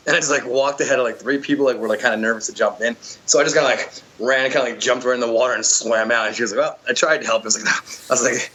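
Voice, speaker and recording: A man's voice: fairly low pitch, steady tone, racing, a bit bright, low-quality recording. A man telling stories from an obstacle race in a casual, rambling way, full of fillers and restarts. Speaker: podcast guest, obstacle racer. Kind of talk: casual storytelling chat.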